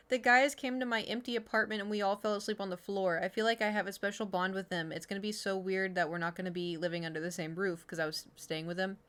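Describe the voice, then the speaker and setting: Her medium-pitched, fairly bright voice carries a giggly, self-mocking tone as she streams and reads aloud from her old diaries. She's in her thirties, from Oklahoma, USA, and her chat is peppered with fillers.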